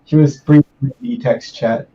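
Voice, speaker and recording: A man's voice: medium pitch, steady tone, moderate pace, lo-fi sound. A man co-hosting a casual stream, chatting easygoing and reading out viewer questions. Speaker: stream co-host reading chat. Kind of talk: casual chat on a live stream.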